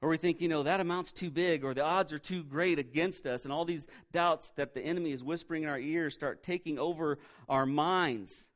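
Chatty preacher man, higher voice. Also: fairly quick, hardly any pauses. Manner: conversational, asks listeners rhetorical questions. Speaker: pastor. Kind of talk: sermon. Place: church.

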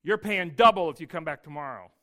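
A man's voice: fairly high pitch, fast talker. A preacher playing a scornful tax collector who insults a man who cannot pay. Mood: contemptuous. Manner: sneering, loud. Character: contemptuous, cruel male tax collector.

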